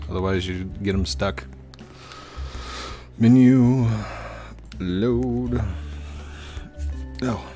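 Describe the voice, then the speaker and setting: Man with a low voice hosting casual gameplay commentary. He is chatty, laughs easily and drops self-deprecating asides. Quiet music plays underneath. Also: creaky. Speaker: game channel host.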